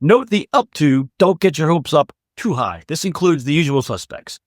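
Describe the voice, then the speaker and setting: A man's voice: on the high side, expressive, moderate pace, no echo, studio quality. A man co-hosting a retail news podcast, reading the stories with wry, sarcastic asides in casual chat. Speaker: podcast co-host.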